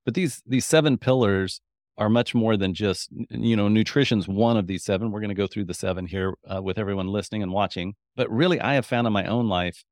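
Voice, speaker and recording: Upbeat low-voiced man, podcast host. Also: brisk, darkish tone, dry recording, studio quality. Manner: enthusiastic, rambling with restarts. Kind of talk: interview chat.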